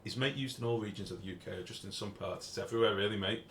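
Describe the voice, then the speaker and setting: A man's voice: fairly low pitch, rapid-fire, a bit bright, slight background noise. A British man streaming a game, chatting casually and joking at his own expense in an echoey room. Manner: self-mocking, chatty, joking with chat. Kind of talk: casual gameplay commentary.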